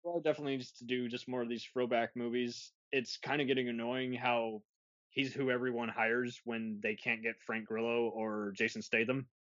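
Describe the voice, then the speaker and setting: Hosting a casual film review podcast, this man rambles, restarts his sentences, and laughs often. His medium-pitched voice is level and fairly bright, moving at a moderate pace. The recording is dull, lo-fi and dry, with no echo.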